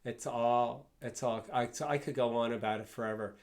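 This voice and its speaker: A man's voice: medium pitch, fairly even intonation, normal speed. An older man, a guest speaker, telling fond, rambling anecdotes and chuckling along the way. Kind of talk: anecdotal storytelling.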